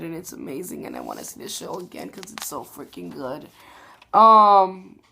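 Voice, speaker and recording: A young woman giving a rambling, gushing spoken review of a stage show, full of "like" and "um". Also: medium pitch. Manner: gushing, rambling, heavy "like" and "um" fillers. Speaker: theater reviewer vlogger.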